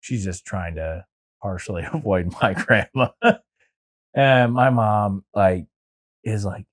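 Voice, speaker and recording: A man's voice: fairly low pitch, slow, pauses often. A young man, a podcast guest, telling a long personal story in casual chat, full of filler words like "like" and "dude".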